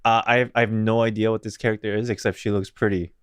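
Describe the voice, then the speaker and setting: A man streaming a live game playthrough, excitable and quick to exclaim. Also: fairly low pitch, clean tone, no room sound. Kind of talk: live gameplay reaction.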